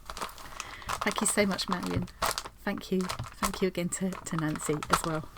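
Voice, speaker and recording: Heavy background noise surrounds this low-ish, steady female voice, unhurried and touched with vocal fry. A craft vlogger at home, she opens her post while chatting in a rambling, gushing way, frequently restarting sentences.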